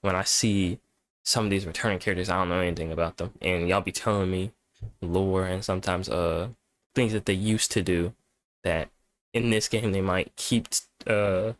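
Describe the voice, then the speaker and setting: A man's voice: low voice, steady tone, normal speed, no echo. A young man hosting a casual reaction video, rambling and profane, tired from staying up. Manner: rambling, profane, laid-back. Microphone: webcam setup at home.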